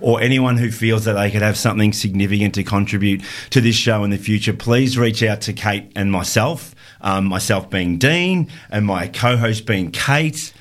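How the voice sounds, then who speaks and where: Male radio co-host, slightly low pitch, enthusiastic rambling delivery. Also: moderate pace, few pauses. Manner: upbeat, rambling with fillers and restarts. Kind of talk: casual radio chat.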